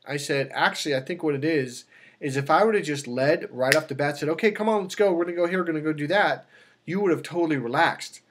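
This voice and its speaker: A man coaching on dating, telling a long personal story in a casual way and acting out the people in it with sudden high exclamations. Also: fast. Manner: animated, acts out quotes with sudden high exclamations.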